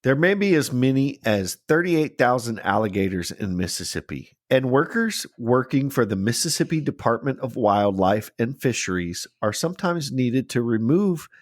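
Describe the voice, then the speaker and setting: A man's voice: mid-range voice, normal speed, hardly any pauses, no echo, studio quality. A man in his forties co-hosting a podcast in casual chat, swearing freely and joking around. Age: 40s. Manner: swears freely, jokey and animated. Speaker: podcast co-host.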